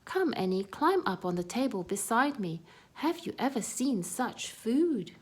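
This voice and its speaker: A grand and excitable little city mouse squeaks and shrieks in a high, showy voice, as a woman storyteller plays her. She draws her words out slowly. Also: slightly rough, full character voice. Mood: airy. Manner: grand and shrill.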